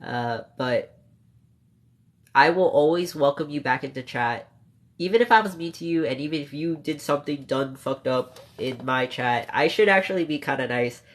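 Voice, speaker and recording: A streamer chats through a long story with live viewers, rambling and emotional. They break off to mock-scold the chat and then apologise. They swear freely and correct themselves as they go. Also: medium pitch. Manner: swears freely, quick asides and self-corrections. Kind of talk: casual livestream storytelling.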